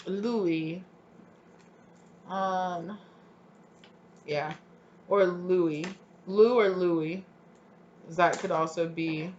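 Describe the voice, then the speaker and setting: Tarot reader rambling thru a pick a card reading, tons of likes, gets all excited, kinda muffled audio. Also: mid-range voice, drawn-out words, long pauses, slight background noise. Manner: chatty, rambling with many filler likes, sudden excited bursts.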